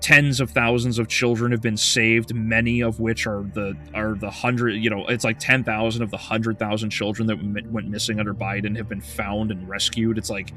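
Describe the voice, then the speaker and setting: Bright-voiced man ranting on stream. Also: fairly low pitch, level tone, moderate pace, hardly any pauses, faint music behind. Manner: heated, profane ranting with frequent restarts. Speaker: game streamer. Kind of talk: casual livestream chat.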